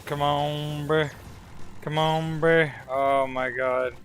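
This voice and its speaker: A man's voice: fairly high pitch, little pitch movement, takes it slowly, fairly bright tone. A young man casually commenting while streaming a game, loose and profane, rambling with lots of filler words.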